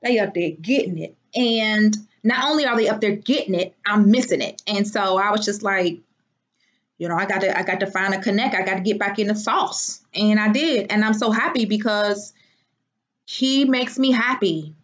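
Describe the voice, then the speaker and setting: A woman's voice: mid-range voice, moderate pace. A woman from Washington, D.C., chatting casually and rambling on her livestream, using folksy slang. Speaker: livestream host. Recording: dull lo-fi sound.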